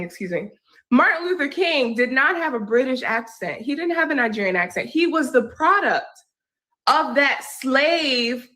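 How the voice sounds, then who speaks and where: A woman with a fairly high voice delivers forceful, indignant commentary. She argues her points hard on a news show. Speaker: co-host. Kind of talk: opinionated commentary.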